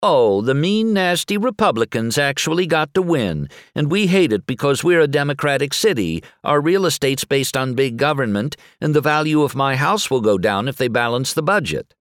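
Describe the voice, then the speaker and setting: A man's voice: mid-range voice, expressive, normal speed, few pauses, a bit bright, dry recording, studio quality, pitched above the performer's own voice, close to an everyday voice. A man putting on a sing-song whine to voice a sneering man mocking his political opponents.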